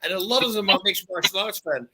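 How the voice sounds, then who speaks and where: A man's voice: high voice, quick pace. A man chatting eagerly from an office at a monastery. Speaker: podcast co-host. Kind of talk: casual chat. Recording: noisy background.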